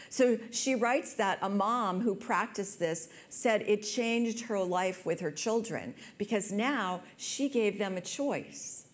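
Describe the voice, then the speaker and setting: A woman's voice: mid-range voice, expressive, slow pace. Earnest woman telling a personal story. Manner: earnest, storytelling, quotes people with voice changes.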